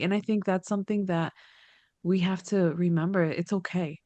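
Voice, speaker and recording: Warm-toned reflective woman podcast host. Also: lowish voice, fairly even intonation, moderate pace, no room sound. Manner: encouraging, reflective, plays out her own inner voice. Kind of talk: conversational podcast interview.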